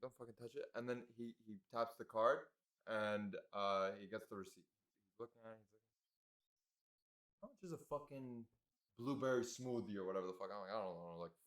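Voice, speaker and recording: A man co-hosting a podcast, telling a story in casual, animated chat full of swearing. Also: fairly low pitch, a little fast, long pauses, reverberant. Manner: animated, swearing, tells stories. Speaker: podcast co-host.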